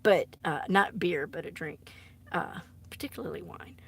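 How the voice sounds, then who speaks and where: Her voice sits on the low side, creaky with a breathy edge, at a normal speed. Streaming live from her home art studio, this artist chats with viewers in a giggly, teasing way and keeps dropping to embarrassed whispers.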